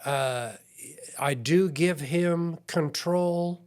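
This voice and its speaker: As a podcast interview guest, this IT consultant is sincere and self-deprecating, slipping into quoted voices as he talks. His voice is on the high side yet darkish, clear and resonant, and he speaks very slowly.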